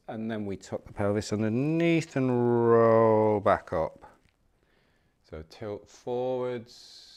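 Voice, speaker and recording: A man leading a morning movement class in a mid-pitched, steady voice. He cues each step calmly and without hurry, and adds gentle encouragement. He shifts closer to and away from the mic as he demonstrates. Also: clear, resonant tone. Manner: calm, unhurried cueing with soft encouragement. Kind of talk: guided movement class instruction.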